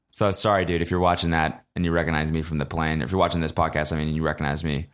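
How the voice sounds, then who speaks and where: A man's voice: a bass voice, flat delivery, fast talker, hardly any pauses. A young man hosting a podcast, telling a story in a rambling, profane, self-mocking way, full of fillers. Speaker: podcast host. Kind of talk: casual solo storytelling.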